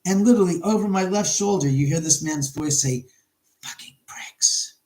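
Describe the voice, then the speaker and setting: A middle-aged man chats casually on a livestream from his own house, with a voice pitched a little high. He tells long, wandering stories and breaks off to greet viewers in the chat. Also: a little fast, dark tone, poor audio. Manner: rambling storyteller, reads chat aloud. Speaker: livestream host.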